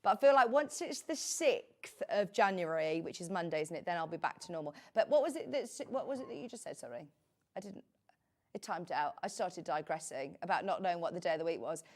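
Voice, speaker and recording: A woman's voice: lowish voice, lively intonation, a little fast. A middle-aged woman presenting on a shopping channel, chatting casually and drifting into friendly asides while selling fabric. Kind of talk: live TV sales chat.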